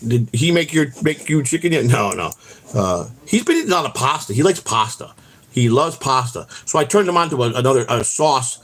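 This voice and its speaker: Husky man rambling on a walk. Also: mid-range voice, lively intonation, brisk, fairly bright tone. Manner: rambling and profane, with lots of restarts and "man". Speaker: vlog host. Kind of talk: rambling casual storytelling while out walking. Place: outdoors on a walk.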